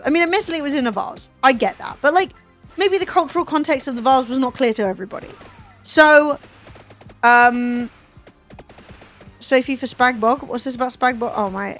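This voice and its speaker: A young woman chatting casually with her livestream viewers, animated and swearing freely. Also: high voice, moderate pace, long pauses, soft background music. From Southern Italian family. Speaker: streamer.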